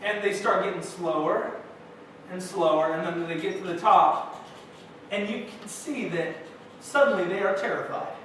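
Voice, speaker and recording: A young man serving as pastor preaches at a moderate pace in a high-pitched, somewhat bright voice, keeping his congregation engaged with laid-back, self-deprecating anecdotes. Recorded from far off in an echoey church sanctuary, the audio carries faint noise.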